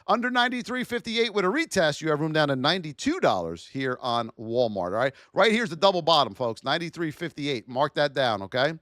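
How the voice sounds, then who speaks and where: Animated high-pitched man hosting a livestream. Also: a little fast, few pauses, dry recording, clean studio sound. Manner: animated, shouts out to chat viewers. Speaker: trading livestream host. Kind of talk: live stream market commentary.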